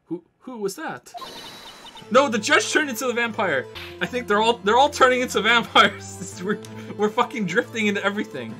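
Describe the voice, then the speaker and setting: A woman streaming a game, reacting with giggly, swearing, excitable commentary. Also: medium pitch, normal speed, faint music behind. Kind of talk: let's-play commentary.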